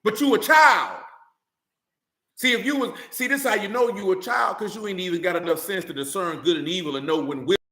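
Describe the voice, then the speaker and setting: A man's voice: sits high, fast, few pauses, fairly bright tone. Fervent, emphatic male preacher in an echoey room. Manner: preachy, repeats "man" and "you understand", rising to emphatic. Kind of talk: sermon with scripture reading.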